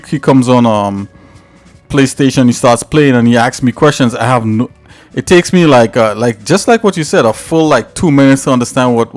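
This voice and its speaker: An American man hosts a live stream and talks casually with his viewers. He rambles and leans on filler words. Faint music runs behind him. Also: medium pitch. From United States. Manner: rambling, talkative, filler-heavy.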